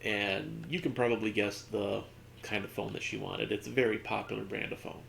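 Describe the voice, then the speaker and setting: A man's voice: on the low side, level tone, moderate pace, gravelly, a bit bright, a little hiss or hum. A man streaming a video game, rambling through a casual anecdote with lots of fillers. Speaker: gaming streamer. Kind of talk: casual storytelling while playing.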